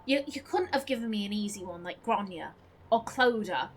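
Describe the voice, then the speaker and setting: A woman hosting a let's play, chatting excitably and rambling as she plays. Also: medium pitch, moderate pace, faint music behind, low-quality recording. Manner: excitable, rambling, self-interrupting. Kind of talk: casual gaming commentary and reading aloud.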